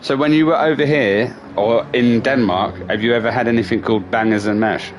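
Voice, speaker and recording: A middle-aged man hosting a gaming livestream, chatting casually and swearing through animated stories full of slang. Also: mid-range voice, brisk, slight background noise. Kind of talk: casual chat.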